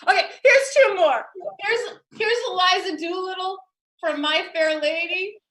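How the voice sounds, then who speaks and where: A woman's voice: extremely high pitch, a little slow, fairly bright tone. A young woman doing playful stand-up over a video call, laughing at her own jokes. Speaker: comedian.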